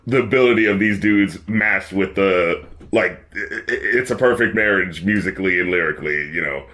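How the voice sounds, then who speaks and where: A man's voice: deep voice, normal speed. A man co-hosting a music podcast, telling stories in loose, profane casual chat. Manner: loose, profane storytelling with bursts of acted shouting. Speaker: podcast co-host and rap critic.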